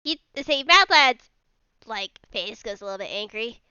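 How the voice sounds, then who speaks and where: A woman's voice: on the high side, expressive, normal speed, pushed and bright, smooth, no room sound, muffled recording. A woman playing a tabletop role-play game, narrating her character's actions in a rambling way. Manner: rambling, many fillers and restarts in narration. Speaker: player.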